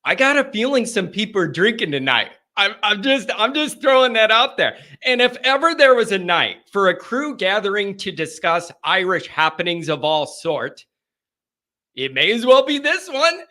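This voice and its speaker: A man hosting a live call-in show, chatting casually in an energetic, rambling, joking way from a green-screen set. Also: sits high, normal speed.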